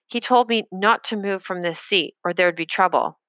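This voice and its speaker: A woman's voice: medium pitch, normal speed, a bit bright, no room sound, lightly acted. A woman reading aloud, voicing a frightened, timid young boy with an anxious, subdued manner.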